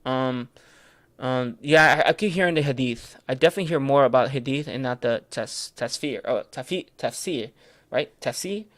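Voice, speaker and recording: Hosting a laid-back late-night Bible study stream, he talks at a normal pace in a medium, slightly bright voice, with no echo in the sound. Fillers pepper his hesitant speech as he stumbles on terms and corrects himself, tossing off answers to viewer comments.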